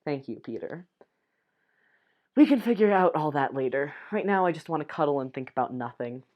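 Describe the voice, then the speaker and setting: A young woman with a fairly low voice reads a dating game's lines aloud for viewers. She reads softly and keeps breaking off into giggly, excited asides. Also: normal speed, muffled recording. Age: young adult. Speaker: gamer reading a dating sim aloud. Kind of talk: reading game text aloud with reactions.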